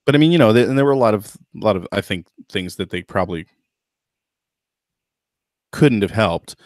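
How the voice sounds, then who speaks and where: A man with a fairly low voice talks through his views in a casual podcast chat, hedging and circling back with fillers and restarts. The sound is dry and close, with no room behind him. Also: animated, fairly quick, no echo. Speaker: podcast host.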